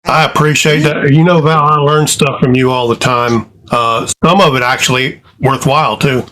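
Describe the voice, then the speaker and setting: A man's voice: medium pitch, steady tone, normal speed, pushed and bright, rough recording. Easygoing male host reading viewer questions. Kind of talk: casual interview.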